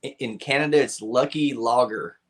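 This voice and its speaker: A man's voice: mid-range voice, normal speed. A man hosting a live stream, chatting casually with viewers, rambling, laughing often and swearing freely.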